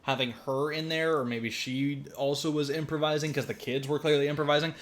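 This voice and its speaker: A man's voice: a little high, fairly quick. A young man co-hosting a podcast, chatting casually about a film with lots of laughter and swearing. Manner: animated, laughing, swearing, putting on silly voices. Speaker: podcast co-host. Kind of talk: casual chat reviewing a film.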